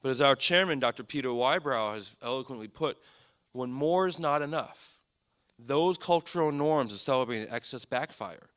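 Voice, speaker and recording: A man's voice: medium pitch, expressive, moderate pace, fairly bright tone, clean tone. A man, a psychiatrist, giving an earnest, emphatic public talk to an audience, stressing his points by repeating them. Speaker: psychiatrist speaking at a lecture event.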